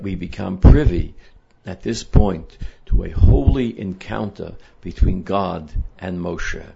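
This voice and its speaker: A man's voice: lowish voice, vocal fry, dark tone, husky. A man teaching a Torah portion lesson in an earnest, emphatic way, reading Hebrew verses and translating them. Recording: dull lo-fi recording.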